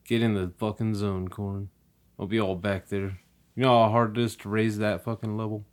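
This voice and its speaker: A man's voice: fairly low pitch, level tone, moderate pace. A young man in casual podcast chat, cursing freely and laughing often. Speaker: podcast co-host.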